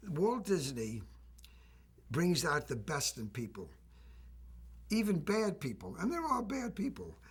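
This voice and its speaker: An older actor reminiscing in an interview, telling anecdotes with a raspy voice. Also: male voice, on the high side, huge pitch swings, unhurried, pauses often. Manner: warm anecdotal storytelling with laughs. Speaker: actor recalling a film.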